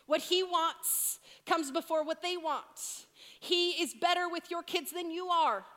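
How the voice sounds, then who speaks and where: A woman preaching a sermon, earnest and emphatic, dropping to a hush on key points. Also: extremely high pitch, measured pace, long reverb tail.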